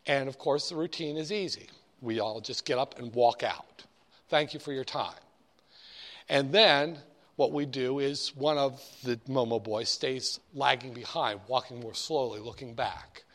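A man's voice: medium pitch, moderate pace, a bit bright. A man teaching a class, speaking in a conversational, digressive storytelling manner. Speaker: instructor. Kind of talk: storytelling lecture.

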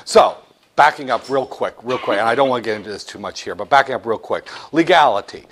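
A man's voice: medium pitch, expressive, fast talker, a bit bright, a little hiss or hum. A man teaching a business law class, lecturing in a joking way and acting out little scenes with students.

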